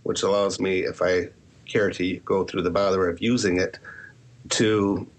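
A man's voice: low voice, breathy edge. A man who writes horror and podcasts, answering interview questions in a candid, rambling way with self-deprecating asides. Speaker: author and podcaster.

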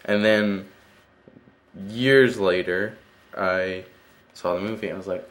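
A man co-hosting a podcast in casual chat, relaxed and agreeable with frequent fillers. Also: fairly low pitch, measured pace. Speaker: podcast co-host.

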